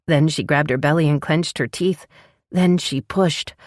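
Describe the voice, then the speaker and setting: A woman narrating a romance audiobook with a steady storytelling delivery. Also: low voice, measured pace, no room sound, studio quality.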